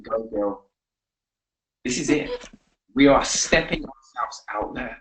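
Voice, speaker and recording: A man coaching on a live webinar, energetic and repetitive, giving pep talks. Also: medium pitch, slow pace, low-quality recording. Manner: energetic, pep-talking, repeats himself. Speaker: confidence coach.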